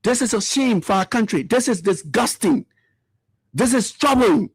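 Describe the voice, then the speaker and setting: Fiery high-voiced man. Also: expressive, normal speed, slightly rough, no echo. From Liberia. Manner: fiery, repetitive, rhetorical questions. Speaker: political commentator. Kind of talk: impassioned political commentary.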